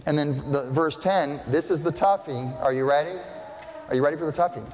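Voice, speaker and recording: Speaking briskly in a fairly high voice, a pastor gives a conversational sermon in a church sanctuary, often checking in with the congregation with "right?". Background noise and the long reverb of the church hall surround him.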